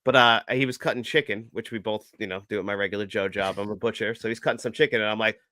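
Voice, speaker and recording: Man, podcast co-host, casual chat, laughs a lot, bright tone, dry close sound. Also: lowish voice, fairly even intonation, fast, dry recording. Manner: chatty, laughs often, acts out quotes.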